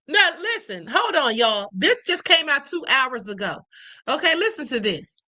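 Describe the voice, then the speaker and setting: A woman's voice: high-pitched, big pitch swings, measured pace, pushed and bright. A woman hosting a live stream, reading news headlines aloud and adding chatty, sassy asides.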